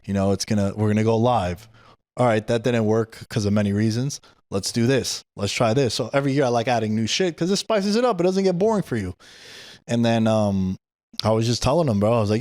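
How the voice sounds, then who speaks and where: A man's voice: fairly low pitch, fast talker, darkish tone, no room sound, studio quality. A man with a New York accent, hosting a podcast and telling a story in casual, slangy talk, swearing freely. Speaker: podcast host. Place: podcast studio.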